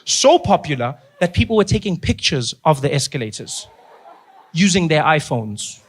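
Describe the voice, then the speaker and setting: A man with a South African accent doing animated stand-up storytelling, acting out the people in it. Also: on the high side, moderate pace, a little hiss or hum. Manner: animated, playful, acts out characters. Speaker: stand-up comedian.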